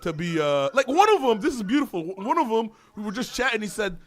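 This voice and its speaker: A man co-hosting a podcast in casual chat, animated, laughing often and swearing. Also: high voice, fast. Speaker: podcast co-host.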